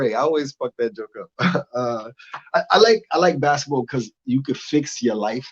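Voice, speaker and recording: A man's voice: mid-range voice, moderate pace, breathy edge. A young American man doing a loose, punchy stand-up comedy set. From United States. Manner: loose, animated, punchy delivery. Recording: dull lo-fi audio.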